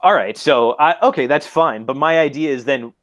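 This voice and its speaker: A man's voice: medium pitch, normal speed, fairly bright tone, no room sound. A man who is a guest on an online debate show, talking in a hesitant, searching way with many fillers. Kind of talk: casual debate chat.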